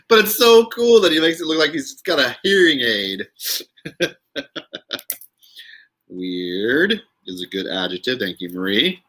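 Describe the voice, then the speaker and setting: A man's voice: medium pitch, very animated, takes it slowly, pauses often, a bit bright. A man hosting a casual live stream, chatting with viewers in a giggly way and reading their names aloud.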